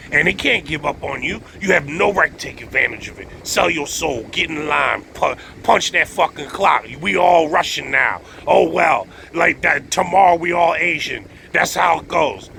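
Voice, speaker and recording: A man rambling in a profane, excitable monologue, laughing often as he talks. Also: on the high side, creaky, background noise.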